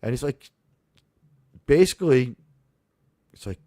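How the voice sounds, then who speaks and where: A man hosting a casual livestream review chat, animated and profane, acting out the lines he quotes. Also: mid-range voice, measured pace, dry recording, studio quality. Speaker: host.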